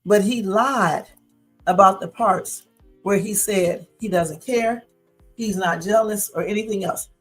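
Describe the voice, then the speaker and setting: A woman's voice: medium pitch, measured pace, faint music behind. A woman hosting a live reaction stream, chatting bluntly and addressing her viewers directly. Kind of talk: casual reaction commentary.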